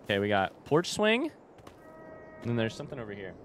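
With faint music behind him, a young man speaks in a low-ish, sing-song, brisk and slightly bright voice. He's a streamer playing a farming game, chatting casually with viewers and occasionally swearing.

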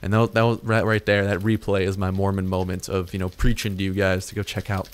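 A man giving casual let's-play commentary as a gaming video host, excitable and swearing, jumping into high-pitched yelps when startled. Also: brisk. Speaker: gaming YouTuber.

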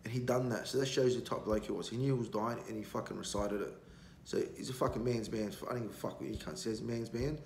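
Gravelly man, blunt and profane. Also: fairly low pitch, fast talker, darkish tone. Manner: blunt, heavily profane, rambling. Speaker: podcast guest. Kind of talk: casual storytelling. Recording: roomy echo, faint background noise.

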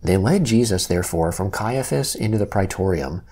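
A man reading Bible passages aloud in a measured, steady way, giving the quoted lines only a light lift. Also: low voice, husky. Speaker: Bible reader.

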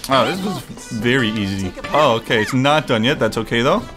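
A man giving excitable, joking let's-play commentary, swearing often and talking to the game as he plays. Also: medium pitch, fairly quick. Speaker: gaming streamer. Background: game music.

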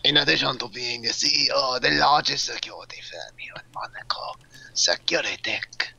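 A secretive male mastermind murmurs his plans in a halting whisper, as a man puts him on for a game. It is whispered role-play, with bright, tense tone and a gravelly edge. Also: mid-range voice, no echo, exaggerated voice, rough recording. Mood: conspiratorial.

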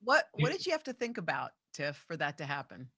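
A woman's voice: deep voice, big pitch swings, fairly quick, bright, forceful tone, husky. A woman hosting a talk show, interviewing guests with enthusiasm. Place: television studio.

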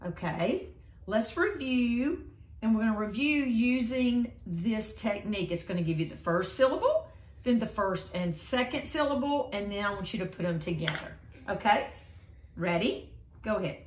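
A woman reading teacher tutoring one-on-one, explaining slowly and clearly and encouraging her student. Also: medium pitch, animated. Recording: echoey room.

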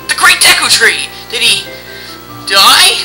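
A player voicing a bratty, boastful forest boy in an amateur game dub, shrill and accusing. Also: very animated, takes it slowly, bright, forceful tone, faint music behind, full character voice, low-quality recording.

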